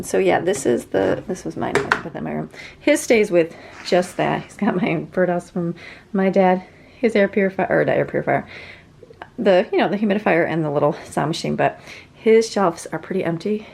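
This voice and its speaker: A woman's voice: on the low side, vocal fry, darkish tone, a little hiss or hum, low-quality recording. A woman vlogging casually around her family home, chatting to viewers and her kids. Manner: chatty, talks to kids and dog while walking around. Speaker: vlogger, mother. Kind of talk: casual home vlog chat. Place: family home, kitchen and bedrooms.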